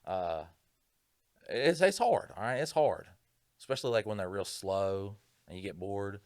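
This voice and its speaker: A man's voice: on the low side, lively intonation, measured pace, darkish tone, no echo, clean studio sound. A man co-hosting a podcast, telling rambling, profane stories in casual chat. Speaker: podcast co-host.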